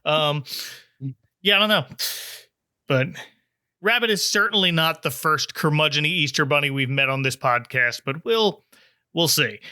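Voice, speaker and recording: A man's voice: fairly high pitch, normal speed, pushed and bright, clear, resonant tone, no room sound, studio quality. A man hosting a podcast, recapping a cartoon special with informative asides and frequent chuckles. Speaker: podcast host.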